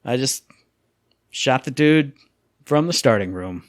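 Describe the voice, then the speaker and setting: A man co-hosting a casual gaming podcast, telling stories with lively acted-out quotes and sound effects. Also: mid-range voice, unhurried, no room sound, clean studio sound. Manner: animated storyteller, acts out quotes and sound effects. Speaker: podcast co-host.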